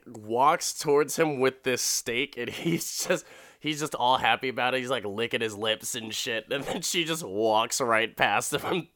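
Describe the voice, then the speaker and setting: A man's voice: mid-range voice, fairly bright tone, dry recording. Guy recapping a tv episode, swears a lot, laughs a lot, dry close sound. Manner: laughs often, swears freely. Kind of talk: casual profane commentary.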